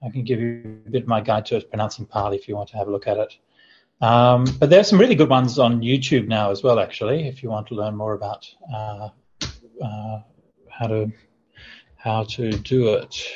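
A man, a Buddhist monk, answering questions in an online sutta class, relaxed and chatty with light humor. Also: fairly low pitch, moderate pace, slight background noise. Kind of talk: online teaching Q&A. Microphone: video call. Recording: dull lo-fi video call audio.

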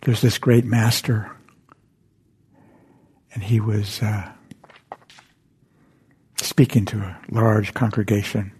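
Older man, dharma talk; dark, raspy voice, halting and soft-spoken. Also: fairly low pitch, steady tone. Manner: gentle, halting storytelling with frequent whispered asides. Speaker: meditation teacher. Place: meditation center hall.

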